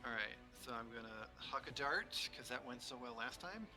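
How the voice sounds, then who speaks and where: A man playing in a tabletop game, playful and excitable. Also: medium pitch, moderate pace, music in the background, rough recording. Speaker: player.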